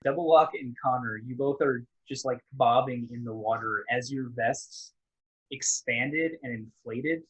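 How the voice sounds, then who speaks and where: Husky guy dming a tabletop game, loose and casual, lots of "like". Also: medium pitch, a little slow, rough recording. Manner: casual, loose narration full of "like" and restarts. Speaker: game master.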